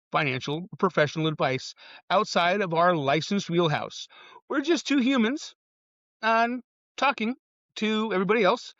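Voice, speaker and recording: A man's voice: sits high, fairly bright tone, no echo, dull audio. A man co-hosting a real estate podcast, easygoing and jokey as he reads a disclaimer and banters. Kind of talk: casual podcast chat.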